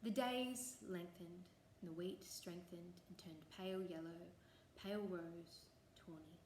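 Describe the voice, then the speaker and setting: A woman telling a traditional folk tale in an expressive, lilting storytelling way. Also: on the low side, unhurried, slight background noise. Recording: echoey room, faint ambience.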